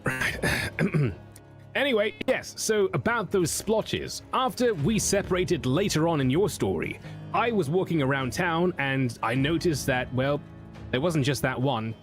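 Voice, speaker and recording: Man, somewhat high voice, lively swooping delivery, playful roleplay chat, faint music. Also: a little slow.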